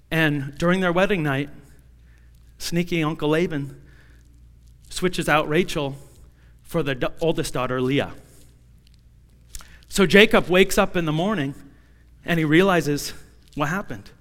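A man's voice: a little high, measured pace, long pauses, in a large hall. A male preacher telling a scripture story with humor, acting out the voices. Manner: humorous, animated, acts out quotes. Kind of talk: sermon storytelling.

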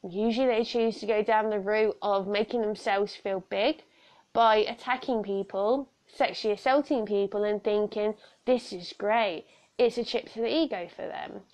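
A woman's voice: mid-range voice, steady tone, moderate pace, darkish tone. A young woman hosting a solo podcast from home, frank and earnest, chatting with many asides. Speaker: podcast host. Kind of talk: casual solo podcast talk on personal safety. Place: room at home.

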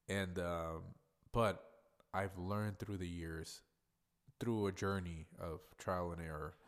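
Blunt, swearing man with a very deep voice. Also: steady tone, drawn-out words, pauses often. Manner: blunt, profane and conversational. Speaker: podcast host. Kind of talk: casual solo podcast monologue. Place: workplace in a hotel lobby.

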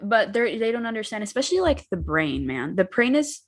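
A woman's voice: a little high, very animated, brisk. A young woman in casual chat, telling candid, rambling stories with some swearing.

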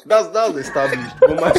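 A young man with a Nigerian accent, teasing and questioning his friends in casual podcast chat. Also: extremely high pitch. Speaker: podcast co-host.

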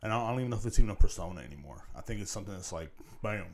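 A man's voice: low-pitched, animated, racing, a little mellow, slight background noise. A man hosting a casual solo podcast, rambling and swearing constantly and repeating "you know what I'm saying" into a podcast microphone. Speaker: podcast host.

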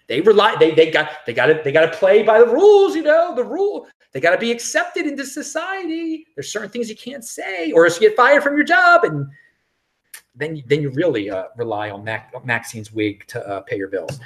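A man hosting his own show rambles through casual commentary, sarcastic and full of restarts. His pitch jumps around in a lively, animated way. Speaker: host of a cryptocurrency show.

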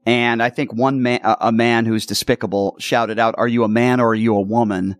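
A man's voice: medium pitch, steady tone, brisk, no echo, clean studio sound. A man hosting a talk radio show who delivers an opinionated, indignant commentary and stumbles over repeated words as he gets worked up.

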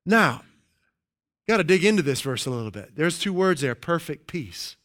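A man preaching with a high, smooth, resonant voice. He leans hard on key phrases, repeats them, and slows right down when reading scripture. Between readings he drops in playful asides and chuckles at his own jokes. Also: animated, pushed and bright. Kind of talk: sermon.

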